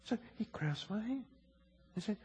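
A man's voice: high voice, lively intonation, moderate pace, darkish tone, husky. An older man preaching a sermon in a conversational way, often restarting his sentences and adding asides, in a large church. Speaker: pastor. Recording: long hall reverb.

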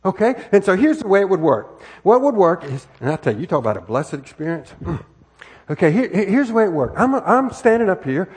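Wearing a wireless body mic in a church sanctuary, a man from the United States delivers a conversational sermon full of rhetorical questions and repeated phrases. His voice is high, brisk and husky yet a little mellow, with big swings in pitch.

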